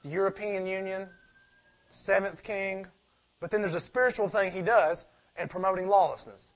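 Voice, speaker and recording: A man preaching a sermon, swinging from loud emphatic points to quiet asides and asking rhetorical questions he answers himself. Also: high-pitched, normal speed.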